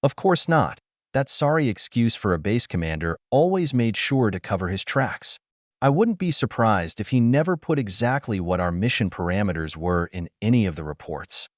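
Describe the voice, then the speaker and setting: A man doing Mikhail, a gruff, bitter soldier. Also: on the low side, sing-song, normal speed, dry recording, clean studio sound. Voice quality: gruff, growling. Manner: blunt, bitter. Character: gruff battle-worn male soldier.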